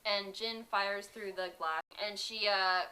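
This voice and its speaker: A woman's voice: mid-range voice, fairly even intonation, takes it slowly, bright, forceful tone, rough recording. A woman co-hosting a podcast, steadily retelling a plot in casual chat with fillers. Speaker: podcast co-host.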